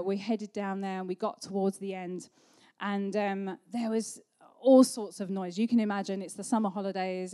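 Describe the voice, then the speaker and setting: A woman's voice: mid-range voice, warm tone, clean tone. A woman, a pastor telling a family story in a chatty sermon with frequent ums.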